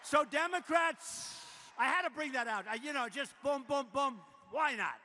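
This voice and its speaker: A man's voice: very high-pitched, expressive, normal speed, sharp tone. Boastful older man at a rally. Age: 70s. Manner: boastful, repetitive, riffing off-script. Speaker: politician addressing a rally. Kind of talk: campaign rally speech. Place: large indoor arena. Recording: echoey arena with long reverb, faint noise.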